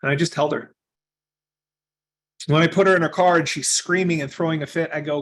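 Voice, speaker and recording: A young adult man speaks as a coach, telling his own story with earnest conviction. His voice sits fairly high for a man, and he swings between loud, emphatic lines and soft, quiet asides. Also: fairly even intonation, brisk, pauses often. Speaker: speaker giving a coaching talk. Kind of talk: personal storytelling talk.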